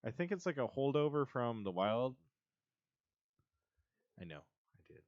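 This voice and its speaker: A man's voice: medium pitch, big pitch swings, measured pace, no echo, lo-fi sound. A man streaming a block-building game, rambling in a self-amused way and chatting to the creatures he meets. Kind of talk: casual gameplay commentary.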